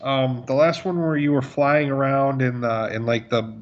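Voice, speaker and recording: A man co-hosting a gaming podcast in casual chat, relaxed and a bit hesitant. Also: mid-range voice, moderate pace. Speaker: podcast co-host. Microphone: remote call mic. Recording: dull lo-fi call audio.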